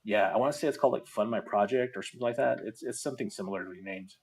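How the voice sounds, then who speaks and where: A man as a guest on a casual livestream, talking about his comic in a relaxed, agreeable way. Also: on the low side, racing, breathy edge.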